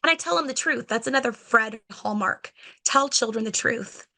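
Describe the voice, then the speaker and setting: A woman guest on a podcast, an educator telling stories in a chatty, animated way and acting out talks with children, with plenty of "like" and "you know". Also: a little high, normal speed. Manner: animated, acts out conversations with children. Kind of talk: podcast interview storytelling.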